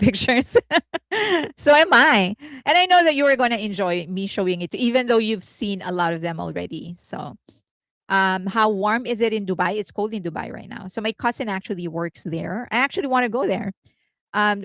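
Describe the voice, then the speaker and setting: A woman hosting a casual entertainment news livestream, chatty and rambling, laughing often and thinking out loud. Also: mid-range voice, no echo.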